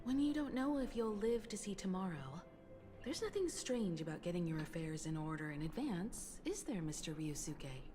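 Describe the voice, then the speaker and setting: An actress playing a composed, guarded young woman who speaks in a measured, quiet way in a game scene. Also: fairly low pitch, expressive, soft background music, close to an everyday voice. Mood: cool.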